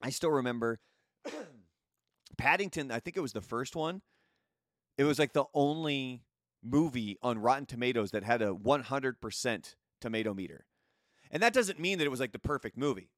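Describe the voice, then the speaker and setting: A man's voice: mid-range voice, lively intonation, normal speed, dry recording, studio quality. A man hosting a casual news commentary show, chatty and opinionated. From United States. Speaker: host.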